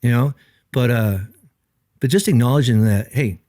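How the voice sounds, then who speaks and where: In a podcast conversation, a middle-aged pastor talks earnestly and with animation, acting out the quoted lines of people in his stories. His voice is medium-pitched and his pace normal. The recording is dry and studio quality.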